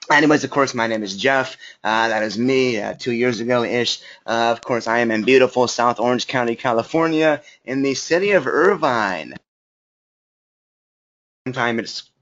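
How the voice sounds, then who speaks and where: A man's voice: mid-range voice, fairly bright tone. A man hosting a live online class, casual and chatty, greeting viewers with lots of fillers. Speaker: webinar host. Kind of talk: casual live webinar talk. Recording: slightly dull lo-fi audio.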